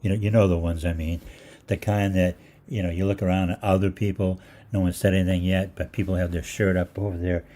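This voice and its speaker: A man's voice: sits low, flat delivery, fairly quick, dark tone. An older man hosting a live Q&A who tells rambling, anecdotal stories and acts out the people in them. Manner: meandering, full of fillers and restarts, acts out voices. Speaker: holistic practitioner hosting a live Q&A.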